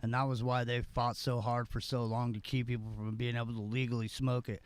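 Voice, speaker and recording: A man's voice: medium pitch, level tone, a little fast, clear, resonant tone, no room sound. A man hosting an interview, giving short sympathetic reactions and then explaining his views at length. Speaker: host. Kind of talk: casual interview talk.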